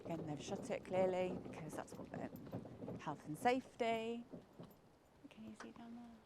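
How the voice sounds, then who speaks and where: A woman's voice: fairly high pitch, normal speed. Chatty English woman vlogging outdoors. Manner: chatty, often drops to a murmur. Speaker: vlogger touring in a wheelchair. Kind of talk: casual outdoor vlog narration. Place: outdoors on a quiet clifftop. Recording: noisy outdoor camera audio.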